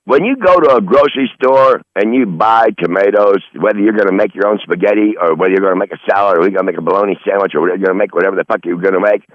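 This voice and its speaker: A regular call-in guest phones in from outdoors in his garden, his lowish male voice coming through dry over the line as he rambles through crude, profane, casual chat.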